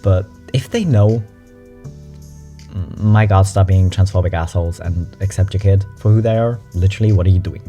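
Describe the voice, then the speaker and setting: A young adult nonbinary vlogger reacting to memes in a chatty, frank, animated way, swearing casually. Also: low voice, moderate pace, faint music behind. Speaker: meme reaction host. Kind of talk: casual meme commentary.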